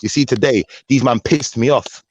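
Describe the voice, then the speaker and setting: A man, ranting and swearing through a heated panel discussion. His voice sits at an ordinary middle pitch. He keeps repeating himself to hammer each point home. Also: moderate pace, a little mellow, a little hiss or hum. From Jamaican heritage, raised in UK. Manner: angry, ranting, swears freely. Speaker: panel host.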